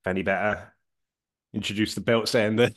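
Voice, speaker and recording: A man co-hosting a podcast, talking in halting, bawdy casual chat. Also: fairly low pitch, steady tone. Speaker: podcast co-host, story writer.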